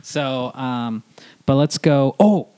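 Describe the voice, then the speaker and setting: A man co-hosting a podcast in an easygoing conversational way. He jokes around and breaks into short, silly impressions. His voice sits at an ordinary middle pitch. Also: mellow, smooth. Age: adult with a wife. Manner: joking, does quick impressions. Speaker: podcast co-host. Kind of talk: casual chat.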